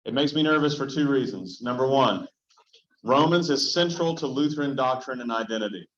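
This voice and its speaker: A man's voice: mid-range voice, lively intonation, fairly quick, fairly bright tone. Conversational male pastor in a roomy church hall. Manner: conversational, often checks in with the room. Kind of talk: casual Bible study teaching. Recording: roomy, dull lo-fi room sound.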